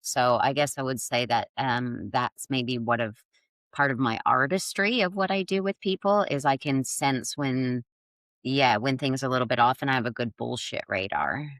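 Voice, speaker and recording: A woman's voice: rumbling low, normal speed, a bit bright, no echo. A middle-aged woman speaking as a podcast guest in casual conversation, reflective and searching, often restarting her sentences. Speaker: guest, yoga and somatic healing teacher.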